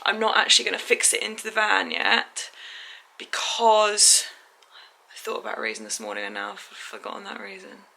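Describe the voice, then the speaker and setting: A woman's voice: medium pitch, big pitch swings, normal speed, creaky, bright, forceful tone. A young woman talking casually to camera in a van-build vlog, chatty and self-critical, sometimes dropping to a near-whisper. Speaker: van life vlogger. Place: garage and driveway while building.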